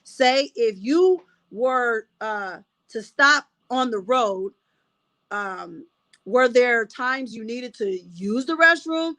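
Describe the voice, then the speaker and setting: A woman's voice: on the high side, animated, slow, fairly bright tone, dry recording. Chatty woman recapping notes, dry sound. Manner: reads notes aloud, restarts often, chatty asides. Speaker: commentator recapping courtroom testimony. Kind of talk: casual live recap.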